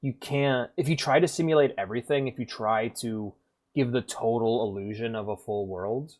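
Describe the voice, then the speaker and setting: Male streamer, mid-pitched, casual and profane, rambling gaming commentary with animated bursts. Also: normal speed. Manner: animated, rambling and profane, acts out game characters.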